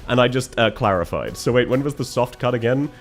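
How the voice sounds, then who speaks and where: Animated and brisk, a young man from Australia chats casually on his live stream in a medium-pitched voice, with soft music playing. He laughs between words, sounds emotional and frequently thanks viewers.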